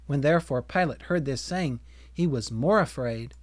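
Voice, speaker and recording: A man reading scripture aloud in a measured, deliberate narration. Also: medium pitch, no room sound. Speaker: scripture reader.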